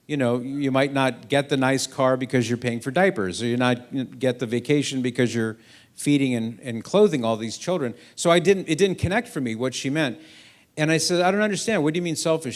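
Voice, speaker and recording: A middle-aged man gives a lively storytelling talk to a school crowd. His voice sits at an ordinary pitch. He swings it up and down as he acts out the other people in his stories. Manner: animated anecdote-telling, acts out quoted voices. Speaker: guest speaker. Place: school event hall.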